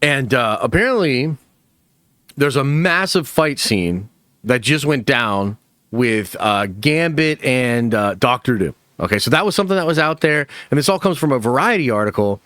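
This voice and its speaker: A man's voice: medium pitch, lively intonation, moderate pace, fairly bright tone, no room sound, clean studio sound. A man hosting a movie news channel, giving casual, profane opinion commentary with lots of fillers.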